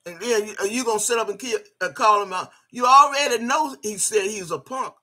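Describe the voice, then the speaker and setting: An older woman delivers a heated rant straight at someone she disapproves of. Her voice is sharp and forceful, and she curses freely and repeats phrases over and over to drive her points home. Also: fairly high pitch, fairly quick. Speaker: video blogger. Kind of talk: ranting commentary.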